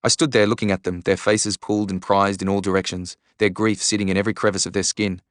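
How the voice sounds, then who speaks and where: A man narrating a first-person audiobook in a measured, even storytelling manner. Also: low voice, no room sound, clean studio sound.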